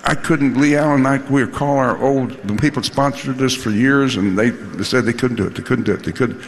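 A man's voice: mid-range voice, fairly quick, in a large hall. An older man telling folksy, salty anecdotes to a live audience, full of laughs and restarts. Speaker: former football coach telling stories.

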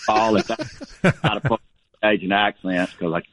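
A man's voice: lowish voice, animated, moderate pace, fairly bright tone. A man with a North Louisiana Southern accent, calling in to a radio show from a relative's house and chatting in an easygoing drawl. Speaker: phone-in guest. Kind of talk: casual radio chat. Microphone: phone line. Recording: dull lo-fi phone line.

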